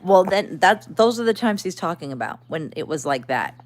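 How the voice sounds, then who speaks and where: A woman's voice: lowish voice, sing-song, normal speed. A woman chatting casually on a livestream, venting in an exasperated way and talking back to her chat.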